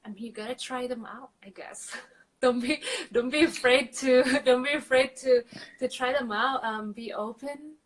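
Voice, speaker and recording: A woman's voice: sits high, steady tone, moderate pace, poor audio. A woman trauma coach talking casually as a podcast guest, chatty with frequent fillers and laughs.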